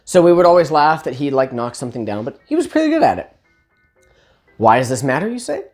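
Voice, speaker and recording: A woman telling a family story in a chatty, casual way, pitched a little low. Her delivery swings widely up and down, with lively asides and self-corrections. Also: fast talker, soft background music.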